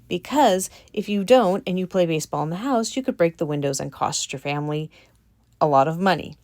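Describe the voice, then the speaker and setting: A woman giving a casual commentary monologue on her channel, animated and incredulous, repeating her points for emphasis. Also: lowish voice, brisk, no room sound, clean studio sound. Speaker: vlogger.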